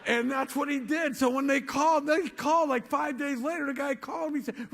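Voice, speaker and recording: A man's voice: very high voice, a little fast, creaky, hardly any pauses, fairly bright tone. An older man giving a motivational speech to a live audience, telling a story with energy and acting out both sides of the conversations. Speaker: motivational speaker. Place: large hall before an audience. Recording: long hall reverb with faint music.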